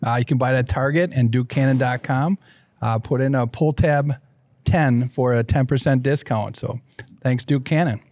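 A man co-hosting a podcast, bantering in a chummy way and reading a quick sponsor spot. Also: medium pitch, a little mellow, no echo, clean studio sound. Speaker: podcast co-host. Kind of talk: casual chat and sponsor reads.

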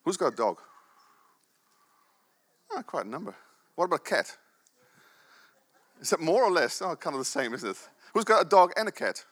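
A man's voice: fairly high pitch, normal speed, pauses often. A man preaching a sermon, telling stories and joking with the congregation. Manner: animated storytelling with audience banter and laughs.

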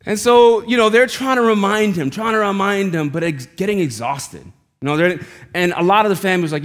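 A man preaching a sermon, telling a family story in a casual, conversational way and dropping his voice low and quiet when quoting people. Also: a little fast. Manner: conversational, casual slang, voice drops low and quiet for quoted lines. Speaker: pastor.

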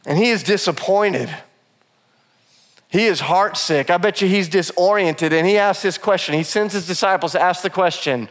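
A man in his thirties preaches in a church, his voice sitting a little high. He tells a story about himself in a self-deprecating way and laughs often. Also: moderate pace, fairly bright tone. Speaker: pastor. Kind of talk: sermon with personal story. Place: church auditorium.

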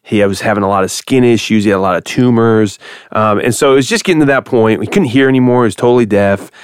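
A radio host chatting casually, telling a story with lots of laughter and acted-out quotes. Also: male voice, fairly low pitch, fast talker, clean tone, dry recording, studio quality. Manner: animated storyteller, laughs often, acts out quoted voices.

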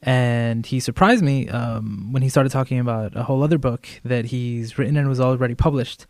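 A man hosting a podcast, introducing his guest eagerly, with filler pauses. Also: medium pitch, fairly even intonation, darkish tone, dry recording, clean studio sound. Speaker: podcast host. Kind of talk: podcast narration and interview.

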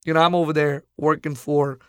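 Animated man telling a story. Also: fairly high pitch, fairly quick, slight background noise. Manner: animated, acts out the people he quotes. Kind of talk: casual storytelling.

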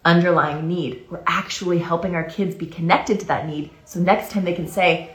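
A woman co-hosting a casual parenting podcast, acting out what parents and kids might say in quick asides. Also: fairly low pitch, steady tone, a bit bright, reverberant. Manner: acts out parent and child quotes in quick asides.

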